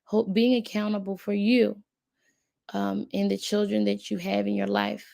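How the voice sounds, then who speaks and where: In a mid-range, gravelly, mellow voice with little pitch movement, a woman talks at a moderate pace, no echo present. Hosting a laid-back channel video, she reads web pages to viewers as she browses, voicing her thoughts with frequent fillers.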